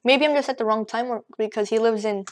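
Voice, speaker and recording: A woman rambling excitedly through casual gameplay commentary, out of breath and joking as she goes. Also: fairly high pitch, fast talker. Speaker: gaming channel host. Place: at home at a computer.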